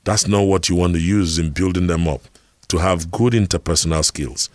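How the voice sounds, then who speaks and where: A man's voice: sits low, normal speed, dry recording, clean studio sound. A middle-aged Nigerian man giving an earnest talk on communication, telling personal stories and asking rhetorical questions. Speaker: speaker on communication skills.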